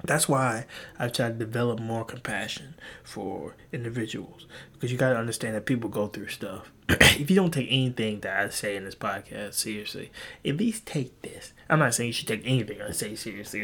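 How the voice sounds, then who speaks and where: A young adult man hosting a podcast, talking in a casual, rambling monologue. He swears freely, and his voice jumps high in disbelief. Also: brisk, vocal fry, fairly bright tone. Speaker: podcast host.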